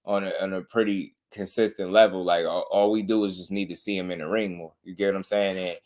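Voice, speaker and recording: A man with a fairly low voice talks boxing in a casual, unhurried way. He reacts to clips as the show's host and keeps checking that listeners follow him. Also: steady tone, a little mellow. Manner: laid-back, repeats "you know what I mean".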